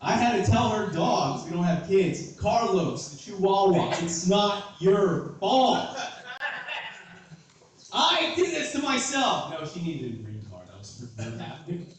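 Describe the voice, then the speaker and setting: High-voiced shouting man, echoey from far. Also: sing-song, measured pace. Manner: rambling, loud, frequent shouting and laughing. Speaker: comedian. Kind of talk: improvised comedy rant. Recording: echoey room from far off, crowd behind.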